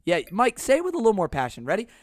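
A man from the East Coast hosts a podcast with a very lively, swinging delivery, teasing and skeptical with his guests. The sound is dry and close, with little room around it. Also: high-pitched, very fast, dry recording. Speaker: podcast host. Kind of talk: casual chat.

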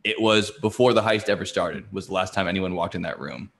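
Casual, profane male podcast co-host, low voice. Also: fairly quick, fairly bright tone. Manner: profane, storytelling, laughs often. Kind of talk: casual true-crime chat.

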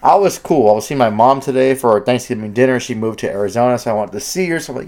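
A man co-hosting a sports podcast, talking in an excitable, profane, rambling way with many restarts. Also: mid-range voice, fast talker, hardly any pauses. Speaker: podcast co-host. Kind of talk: heated sports talk.

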